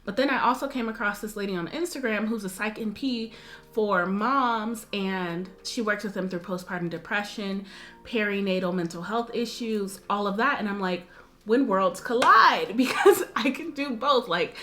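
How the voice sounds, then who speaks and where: A young woman in her twenties, a nursing student vlogger, telling a personal story in a chatty, animated way, acting out what people said. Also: mid-range voice, normal speed. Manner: chatty, animated, full of "like" and acted-out quotes. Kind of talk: casual storytelling to camera.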